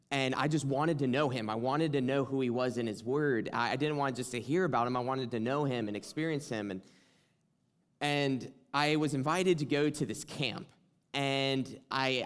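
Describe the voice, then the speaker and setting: A man's voice: mid-range voice, clean tone. A young man preaching a sermon, telling a personal story earnestly and building to impassioned emphasis.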